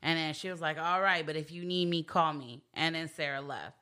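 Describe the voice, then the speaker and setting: A woman's voice: low-pitched, fairly even intonation, fairly quick, pushed and bright. A woman in casual chat, recapping scenes of a show by quoting the characters.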